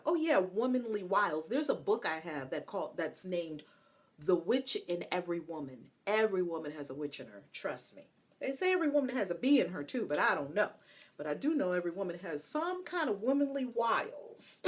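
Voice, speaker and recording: Lively, playful woman vlogger. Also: mid-range voice. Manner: playful, animated, laughs often, chatty asides. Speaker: vlog host. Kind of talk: casual talk to camera.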